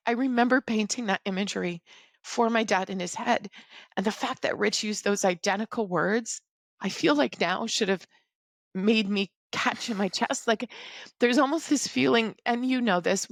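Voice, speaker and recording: A middle-aged woman telling a personal story as a podcast guest, in an earnest, halting, reflective way. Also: medium pitch, no room sound, studio quality.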